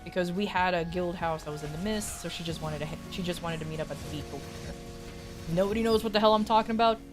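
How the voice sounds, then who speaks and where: A woman streaming as a VTuber, telling a rambling, self-mocking story to her chat and jumping her pitch high when she quotes people. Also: fast. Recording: faint music behind.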